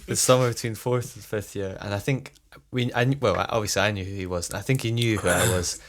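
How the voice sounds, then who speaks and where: A man's voice: on the low side, steady tone, fast talker. A young man telling a rambling school story in casual chat, laughing as he goes. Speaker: podcast co-host.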